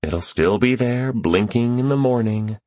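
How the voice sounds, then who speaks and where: A man voicing a tired, protective young mother who speaks softly and slowly. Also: mid-range voice, dry recording, pitched above the performer's own voice, close to an everyday voice. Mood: weary.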